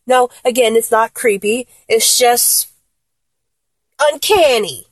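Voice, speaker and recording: A woman's voice: on the high side, slow pace, breathy edge, no echo. A young woman voice actor playing a flustered, blunt young woman in a one-sided audio role-play, exasperated, stammering and swearing.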